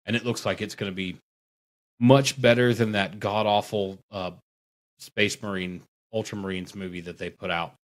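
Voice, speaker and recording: Chatty man with a low voice. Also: normal speed. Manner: rambling, animated, mocking impressions. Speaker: podcast guest; tattoo artist. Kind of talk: casual podcast chat.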